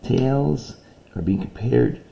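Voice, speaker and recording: A male teacher recording a lesson video, patiently explaining a poem step by step and reading its lines aloud slowly. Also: mid-range voice, expressive, gravelly, dark tone.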